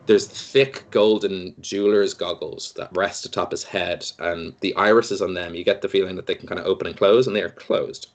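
A man's voice: low voice, steady tone, moderate pace, hardly any pauses. A man running a tabletop game as game master, describing the scene in a loose, descriptive way.

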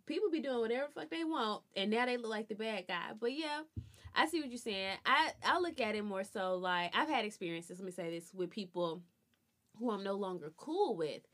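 A woman's voice: mid-range voice, lively intonation, brisk, a bit bright. A young woman co-hosting a podcast, talking bluntly and swearing freely in casual chat at a close mic. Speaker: podcast co-host. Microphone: close podcast mic, eating while talking.

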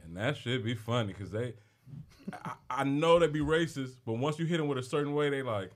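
A man's voice: mid-range voice, fairly quick. A man telling a comic story in casual podcast chat, acting out both sides of the conversation. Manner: brash joking storyteller, acts out both sides. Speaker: podcast co-host.

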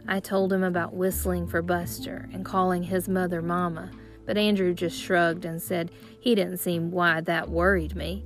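A woman reading a first-person children's story aloud in a measured storytelling voice. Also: fairly low pitch, level tone, faint music behind. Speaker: audiobook narrator. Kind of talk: scripted first-person narration.

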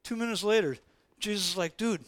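Man, sermon, high voice, animated storytelling, casual slang, acts out quotes. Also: brisk. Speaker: pastor.

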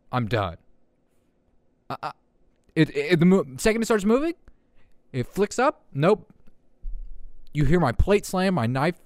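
Young male podcast host: cussing, animated ranter with a smooth, dry close voice. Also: a little high, no echo. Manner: profane, animated ranting. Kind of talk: casual podcast rant.

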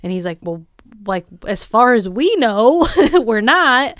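A woman in her thirties with a smooth, clear voice, pitched a bit high, hosting a casual chat among friends. She tells stories with lots of energy and slips into the voices of the people she's quoting. The sound is close and dry. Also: slow pace, no room sound. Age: 30s. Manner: animated storyteller, acts out others' lines. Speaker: podcast host.

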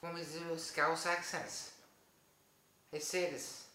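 A man's voice: a little high, little pitch movement, takes it slowly, pushed and bright. Blunt ranting man, echoey room. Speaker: podcast co-host. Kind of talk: casual chat.

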